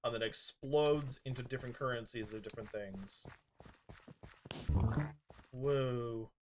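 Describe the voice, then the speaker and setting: A man's voice: mid-range voice, fairly even intonation, measured pace, slight background noise. A man chatting casually as he streams a game, laughing often and grumbling at it. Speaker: gaming streamer. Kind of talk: casual live-stream commentary.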